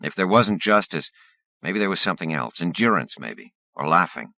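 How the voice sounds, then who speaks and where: A man reads a first-person short story aloud in a low, deep voice that still moves a lot in pitch. His tone is bright and forward, and the recording is close and dry. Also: expressive, moderate pace, dry recording. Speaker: audiobook narrator. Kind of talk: first-person audiobook reading.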